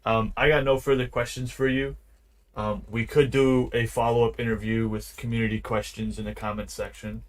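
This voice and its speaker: A man's voice: medium pitch, little pitch movement, normal speed. A man interviewing someone online in blunt, casual, slangy talk.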